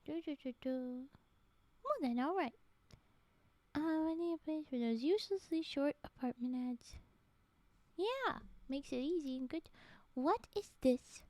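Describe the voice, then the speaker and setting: A woman chatting on her live stream between stories, rambling and giggly, often slipping into soft whispers. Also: sits high, measured pace, long pauses, no room sound. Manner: giggly, gushing. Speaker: streamer and story reader. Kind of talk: casual live-stream chat.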